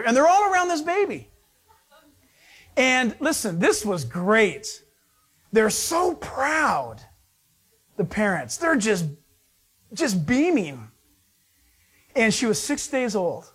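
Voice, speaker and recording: A man's voice: high-pitched, big pitch swings, normal speed, fairly bright tone, husky. A man preaching a conversational sermon, telling stories in a chatty way with frequent restarts. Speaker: pastor.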